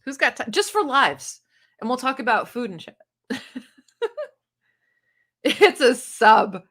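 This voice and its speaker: A woman's voice: a little high, sing-song, slow, a bit bright. A woman hosting a casual live stream, reading viewers' comments aloud and chatting with them, laughing often. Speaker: booktube live-stream host.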